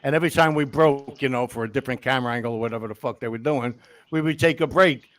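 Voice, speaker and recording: A man's voice: mid-range voice, fast. A man speaking as a guest in a casual chat, blunt and profane, often chiming in.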